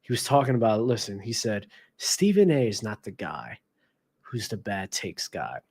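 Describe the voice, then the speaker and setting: A man's voice: fairly low pitch, very animated, moderate pace, a little mellow, slightly rough. A man hosting a casual basketball commentary show, talking passionately and addressing viewers directly with slang. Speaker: sports commentary host.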